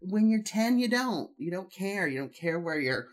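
A chatty host gossiping through reality TV cast blogs in a snarky, comedic tone. The talk is loose and full of fillers, broken up with laughs and sudden jumps in pitch for emphasis. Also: very animated, normal speed. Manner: snarky, gossipy, lots of "like" and "I mean"; laughs between jokes. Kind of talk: comedic commentary and blog reading.

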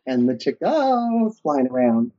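Playful male co-host, slightly high voice, dull lo-fi recording. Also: moderate pace. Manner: playful, reads chat comments. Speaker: podcast co-host. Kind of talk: casual recap chat. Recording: dull lo-fi audio.

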